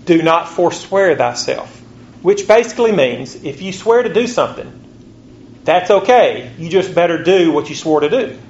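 Preacher, slow scripture reading. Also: male voice, lively intonation, darkish tone, slight background noise. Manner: reads scripture slowly, rising pitch on rhetorical questions. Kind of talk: sermon. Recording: dull lo-fi recording with faint ambience.

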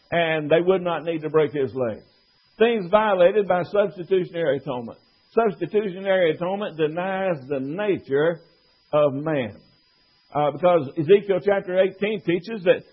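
A preacher with a slightly high, husky voice teaches from the Bible, building an argument by quoting scripture and posing rhetorical questions. The recording is dull and lo-fi.

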